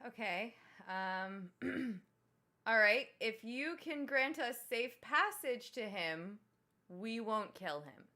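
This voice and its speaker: A woman playing a tabletop game, animated and giggly, describing her character's actions. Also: on the high side. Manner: animated and giggly, slow drawn-out delivery. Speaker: player. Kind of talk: tabletop game play, casual chat.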